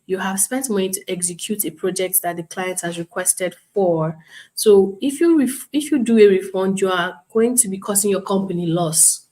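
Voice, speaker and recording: A woman instructor teaching an online class, speaking calmly and professionally, acting out customer calls as examples. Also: mid-range voice, normal speed. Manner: calm, explains with role-played customer examples. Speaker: bootcamp instructor.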